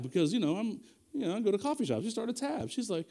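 Male pastor, high and lively, sermon with animated storytelling. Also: rapid-fire. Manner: animated storytelling with emphatic repetition.

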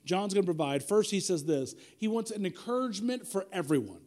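Man in his forties preaching, high-pitched. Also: very animated, brisk. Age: 40s. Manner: conversational preaching with repetition and asides; quiet, hushed prayer voice. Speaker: pastor. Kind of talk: sermon.

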